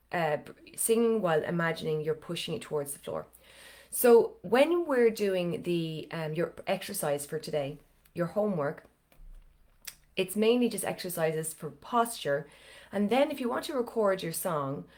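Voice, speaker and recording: Woman, vocal coach, a touch low and slightly strained, chatty step-by-step cues for a live online class. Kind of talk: live online singing lesson.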